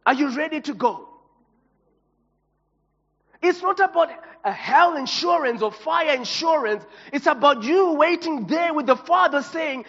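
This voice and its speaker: Pastor, male, very high voice, passionate emotional sermon; recorded in a reverberant hall with a dull lo-fi sound. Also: animated, measured pace, a bit bright.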